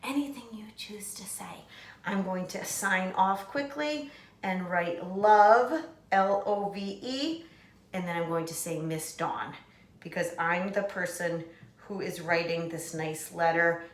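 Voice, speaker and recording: A woman's voice: lowish voice, takes it slowly, roomy sound. A woman teacher talking to young children in a remote lesson, in a sing-song way, spelling words out letter by letter.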